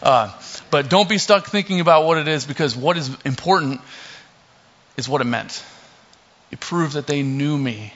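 This young male pastor has a slightly high voice and keeps a moderate pace. His sermon is casual and relaxed, with scripture reading, joking asides and plenty of fillers, all captured on a dull, muffled lo-fi recording.

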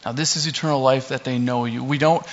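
A man's voice: medium pitch, fast talker. Joking young male pastor, lo-fi. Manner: relaxed, joking asides, many fillers. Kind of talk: casual sermon with scripture reading. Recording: dull lo-fi recording.

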